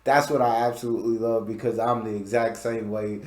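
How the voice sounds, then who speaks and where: A man's voice: lowish voice, level tone, a little fast, a little mellow, reverberant. A man from the United States hosting a reaction video in a casual way, full of fillers like "like" and "you know what I'm saying".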